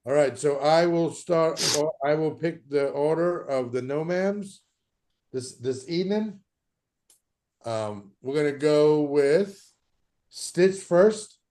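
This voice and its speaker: A man's voice: on the high side, a little mellow. A podcast host, a man with a slightly raised voice, running the picks with easy banter. He calls on his friends one by one and teases their results. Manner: joking, brisk, runs the segment. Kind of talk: casual chat.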